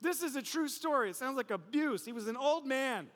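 A pastor giving a sermon, an animated, joking storyteller who drops his voice low for emphasis. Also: brisk, in a large hall.

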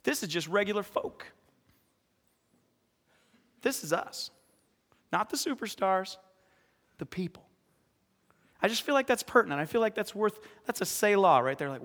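A man preaching as pastor in a church, lively, acting out scripture scenes with sudden shouts. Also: high-pitched, a little fast. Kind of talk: sermon. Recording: long reverb of a hall.

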